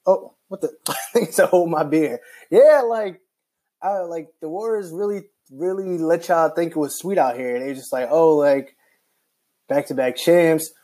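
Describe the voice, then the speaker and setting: Rambling frustrated man, warm voice. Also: fairly high pitch, moderate pace, slightly rough. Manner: animated, rambling, heavy use of "like". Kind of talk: casual basketball rant.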